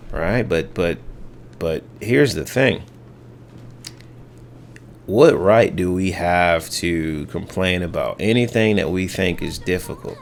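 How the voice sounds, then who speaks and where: A young man hosting a podcast, telling a story in a reflective, halting way with many restarts. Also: sits low, gravelly, slight background noise. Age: young adult. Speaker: podcast host. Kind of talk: casual storytelling monologue.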